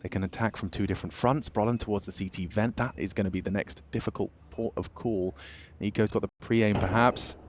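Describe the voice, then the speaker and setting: A man calling a live esports match, energetic and quick to shout at big plays. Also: fairly low pitch, noisy background. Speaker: esports play-by-play caster. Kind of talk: excited live game commentary. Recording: loud in-game gunfire behind. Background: loud gunfire and clicks from the match.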